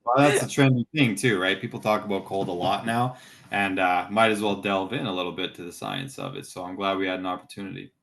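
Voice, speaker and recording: A man explains health research on a webinar, confident and plain-spoken, reaching for simple analogies. His voice sits slightly low. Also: animated, a little fast, gravelly, fairly bright tone. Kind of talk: conversational webinar discussion.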